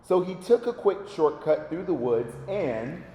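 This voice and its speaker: A man reading a children's storybook aloud in a gentle, expressive way. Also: on the high side, unhurried. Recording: echoey reverberant room.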